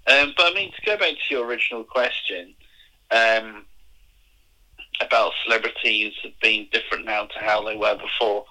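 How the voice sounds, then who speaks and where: An English man in casual conversation, explaining things in a measured way with plenty of fillers. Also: on the low side, bright, forceful tone, low-quality recording. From England. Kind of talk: casual chat.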